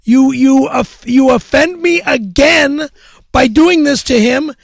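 A man who speaks in angry, stammering outbursts and shouts. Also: very high voice, slow, vocal fry, dry recording.

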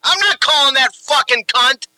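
A man in a heated phone argument, shouting back defensively and swearing. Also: very high voice, animated, moderate pace, no room sound, low-quality recording. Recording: loud background noise.

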